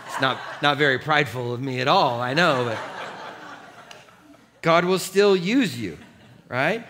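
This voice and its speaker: Animated, self-mocking male pastor preaching. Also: medium pitch, normal speed, a little hiss or hum. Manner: animated, jokey, laughs at himself; has the congregation read along aloud. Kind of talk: sermon.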